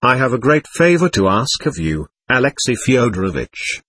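A man's voice: medium pitch, big pitch swings, normal speed, fairly bright tone, no room sound. Man voicing a flustered proud young lady. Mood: agitated. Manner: formal, flustered, indignant. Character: proud agitated young woman of society.

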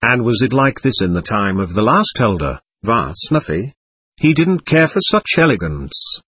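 A man's voice: medium pitch, very animated, measured pace, a bit bright, breathy edge, no echo, full character voice. A man reading as a sarcastic old buffoon. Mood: mocking. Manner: sarcastic, teasing.

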